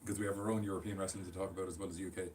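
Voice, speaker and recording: A man's voice: low-pitched, little pitch movement, rapid-fire, a little mellow. A man co-hosting a wrestling podcast, joking and talking offhandedly. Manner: joking, does mock voices, offhand. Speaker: podcast co-host. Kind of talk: casual wrestling chat. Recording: distant mic with faint ambient noise.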